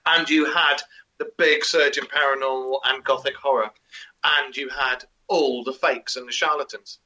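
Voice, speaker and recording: A man's voice: mid-range voice, steady tone, normal speed, bright, forceful tone, low-quality recording. A man co-hosting a casual chat, joking and opinionated with mock-grumpy rants. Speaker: podcast co-host.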